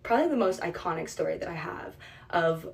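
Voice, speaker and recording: A woman's voice: lowish voice, expressive, fairly quick, vocal fry, far from the mic. A young woman casually telling a funny college story, chatty and full of "like", laughing at herself as she goes. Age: young adult.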